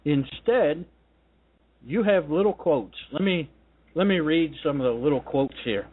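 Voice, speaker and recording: A man's voice: fairly high pitch, expressive, measured pace, husky. Combative man ranting on talk radio. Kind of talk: political talk radio monologue. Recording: tinny phone-line sound.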